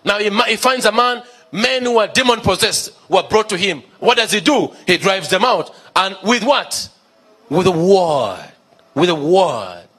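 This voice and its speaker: A man's voice: high voice, normal speed, few pauses, pushed and bright, husky. A male pastor preaching a sermon, emphatic, repeating key phrases and asking the congregation questions.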